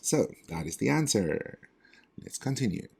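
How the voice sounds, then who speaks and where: A man working through reading test questions aloud as a tutor, thinking out loud and correcting himself as he goes. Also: lowish voice, sing-song, measured pace, gravelly, breathy edge.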